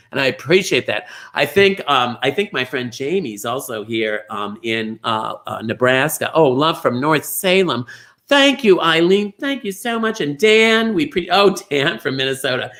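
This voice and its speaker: A middle-aged man chats his way through a live online bingo show, effusive and gushing as he greets viewer after viewer. His voice sits a little high and rings very bright and forward. He leaps into sudden high squeals on the names he loves.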